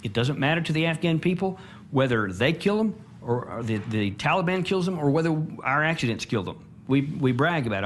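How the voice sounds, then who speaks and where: A man's voice: fairly high pitch, sing-song, brisk, slight background noise. A man speaking in a documentary interview, blunt and emphatic, often restarting his words. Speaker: interviewed commentator.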